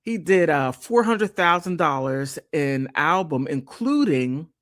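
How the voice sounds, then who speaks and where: Woman doing a live stream, slow and drawn out, voice swoops up and down a lot, keeps going "oh my goodness" and restarting. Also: low-pitched. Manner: animated, exclaims and restarts often. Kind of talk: casual commentary, reading from an article.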